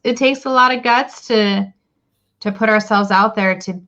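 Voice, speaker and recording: A woman's voice: medium pitch, a little slow, fairly bright tone, muffled recording. A woman hosting a casual interview chat, speaking in an affirming, enthusiastic way over a video call. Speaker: host.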